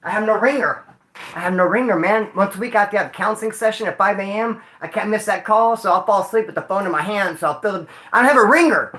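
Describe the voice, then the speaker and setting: This man's voice is high and sharp, and he talks fast with few pauses in a roomy-sounding space. As a grieving livestream host, he chats loosely and emotionally with his audience, slinging slang and calling them homeboy and dude.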